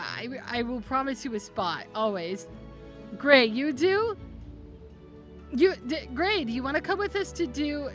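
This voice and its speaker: Bubbly woman streaming a game, bright voice, keeps tripping over words, soft game music under it. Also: a little high. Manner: chatty and playful, giggles, stumbles and restarts, talks to chat by name. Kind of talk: casual live-stream chat with viewers.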